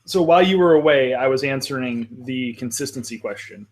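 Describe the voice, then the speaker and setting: A man of middle pitch hosts a casual live panel, friendly and rambling. He talks loosely and warmly to his co-panelists, often pausing on "um" and "uh" before moving on. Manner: rambling, friendly, lots of fillers. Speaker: panel host.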